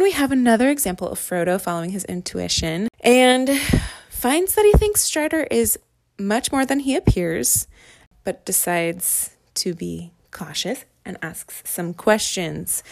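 An American woman hosting a podcast, chatting casually and animatedly about a book, with quick asides. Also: mid-range voice. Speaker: podcast host. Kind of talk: casual solo book discussion.

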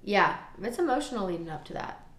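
A woman's voice: medium pitch, very animated, a little fast, a bit bright. A woman co-hosting a casual book podcast, wry and unemotional, dropping dry asides. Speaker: podcast co-host. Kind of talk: casual chat. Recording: echoey room.

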